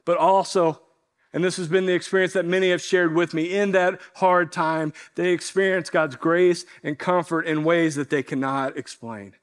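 A man preaching a sermon to his congregation, earnest and slowing to stress key lines. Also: on the high side, steady tone. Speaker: pastor.

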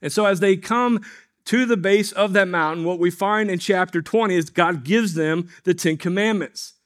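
Man preaching a sermon, higher voice. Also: moderate pace, a bit bright. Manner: storytelling, conversational, addresses congregation. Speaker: pastor.

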